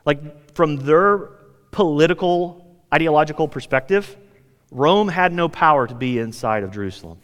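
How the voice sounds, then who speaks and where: Speaking at normal speed in a large hall, this pastor from the United States has a high-leaning, animated, slightly bright voice. His sermon is casual yet forceful, and he performs the voices of the people he quotes.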